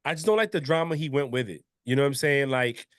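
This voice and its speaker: A man hosting a casual sports podcast, chatting in a relaxed, conversational way with frequent restarts. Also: medium pitch, fast talker, dry recording, studio quality. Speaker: podcast host.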